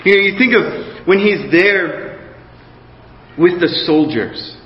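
A man's voice: sits high, takes it slowly. A man giving a sermon in a loose, conversational way, restarting phrases and asking the congregation questions. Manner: conversational preaching with many restarts and asides to the congregation. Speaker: pastor. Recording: roomy hall sound, slightly dull.

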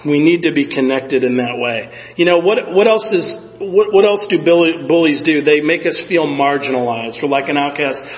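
A man's voice: on the high side, moderate pace, hardly any pauses, long reverb tail, highs cut off. A man preaching a sermon in a conversational way, often asking the congregation "Amen?". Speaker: pastor.

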